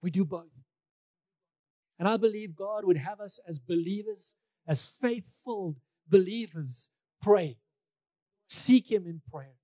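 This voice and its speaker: A man preaches a conversational sermon in a high-pitched yet dark voice, recorded without echo. He repeats key phrases for emphasis and adds touches of light humor.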